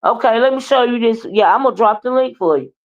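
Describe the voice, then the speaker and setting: A woman's voice: a little high, fast talker, dull audio. A woman hosting a casual livestream, scolding and sassy, with repeated "okay?" and "child.". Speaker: livestream host.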